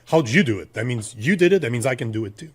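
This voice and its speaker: A man's voice: medium pitch, lively intonation, fast talker, breathy edge. French canadian guy in his 40s ranting on a political podcast, fired up, lots of "how insane is it" type questions. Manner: emphatic, ranting, rhetorical questions. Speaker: podcast co-host.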